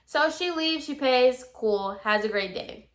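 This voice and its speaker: A young woman with a bright, forward voice chats through a story from her salon work. Her delivery is loose and conversational, sprinkled with "like" and "you know", and she sounds fully at ease. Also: sits high, animated, unhurried. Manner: chatty, lots of filler "like" and "you know". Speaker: hairstylist. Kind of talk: casual storytime chat.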